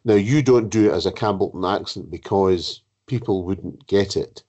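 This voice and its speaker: A man's voice: sits low, moderate pace, mellow, husky. A man telling a rambling anecdote as a podcast host, often repeating words as he searches for them. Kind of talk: conversational anecdote. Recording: dull lo-fi sound.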